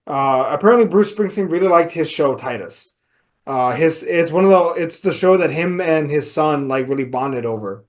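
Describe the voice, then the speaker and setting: A man's voice: fairly high pitch, animated, moderate pace. A man co-hosting a casual podcast, telling anecdotes and dropping dry wisecracks. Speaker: podcast co-host.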